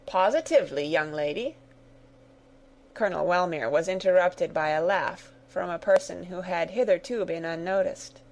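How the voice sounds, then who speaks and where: A woman narrating a graded reader story in a steady, clear storytelling manner. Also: fairly low pitch, normal speed, hardly any pauses, rough recording.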